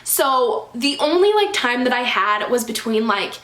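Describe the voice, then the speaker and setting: A high-pitched young woman talking straight to camera in a casual storytime vlog. She is chatty and animated, leans on "like" as a filler, and sounds exasperated. The room gives her voice a noticeable echo. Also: measured pace. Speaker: vlogger. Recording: echoey room.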